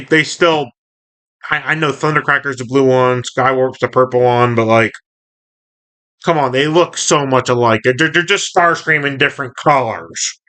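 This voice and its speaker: A man reads a comic book aloud and reviews it in a chatty, rambling manner, frequently correcting himself. His mid-range voice is bright and forceful.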